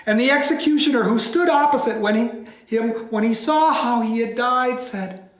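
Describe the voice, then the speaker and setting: A pastor tells a scripture story from memory in a high, expressive man's voice. He builds the drama and sinks some lines into a hushed whisper. The sound carries the echo of a church room. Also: moderate pace. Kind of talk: by-heart biblical storytelling.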